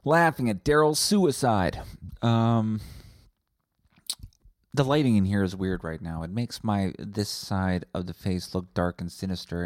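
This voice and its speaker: A man's voice: low voice, no room sound, studio quality. A man hosting a comedy podcast, rambling from tangent to tangent with plenty of swearing. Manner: rambling, profane, tangent-hopping. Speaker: podcast host.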